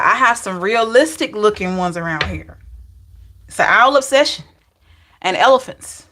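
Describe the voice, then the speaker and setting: A woman's voice: medium pitch, background noise. Chatty Southern woman reading tarot. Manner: chatty, laughing, talking to live chat. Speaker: tarot reader. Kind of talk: live-stream tarot reading.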